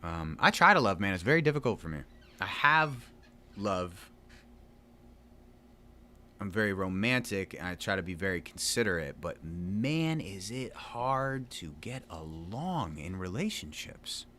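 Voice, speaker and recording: A man's voice: sits low, very animated, measured pace, bright, forceful tone, a little hiss or hum. A man around thirty, chatting loosely and poking fun at himself while he plays a game at home. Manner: loose, chatty, self-mocking, plenty of fillers. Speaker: gaming vlogger. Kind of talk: casual rambling chat while gaming.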